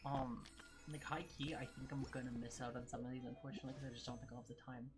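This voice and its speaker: A woman's voice: a bass voice, fairly even intonation, fast, music in the background. A young woman streaming a video game live, reacting emotionally with gushing commentary and lots of swearing.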